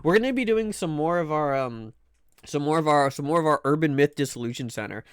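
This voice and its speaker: A man's voice: a little high, expressive, fairly quick, clean tone, dry recording, clean studio sound. A man chatting casually on a live stream, rambling and playful, often stammering and restarting his sentences.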